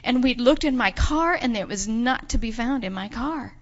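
A woman with a high voice tells a children's story in a church, swinging her pitch up and down as she acts out each part. The sound is dull and carries a long hall reverb. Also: moderate pace. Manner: expressive, acts out voices with big pitch jumps. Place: church sanctuary.

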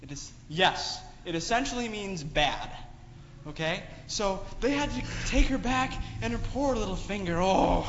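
The recording, made in an echoey hall, sounds dull and carries faint noise. In it, a high-pitched man speaking at normal speed tells children a moral story in a sermon, full of animation and plenty of questions for them.

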